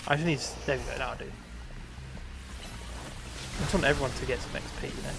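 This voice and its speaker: A man's voice: mid-range voice, very animated, fast, vocal fry, music in the background. A young man casually commentating his game live on stream, swearing often, mocking himself and laughing easily.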